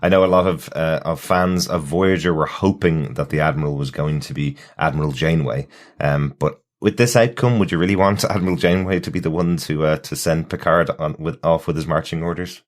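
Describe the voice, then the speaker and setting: A man hosting a casual podcast discussion, relaxed, often murmuring agreement. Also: very deep voice, fairly quick. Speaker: podcast host.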